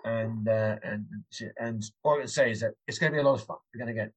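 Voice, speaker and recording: A man's voice: fairly low pitch, fast talker, breathy edge, low-quality recording. A middle-aged Englishman, chatting as an interviewed author in a rambling way with many restarts. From England. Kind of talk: casual interview chat.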